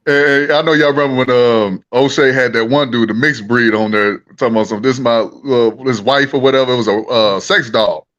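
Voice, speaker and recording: A man's voice: medium pitch, fairly quick, hardly any pauses, fairly bright tone. A man in casual podcast chat, talking in a laid-back, rambling way with frequent laughs. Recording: dull lo-fi sound.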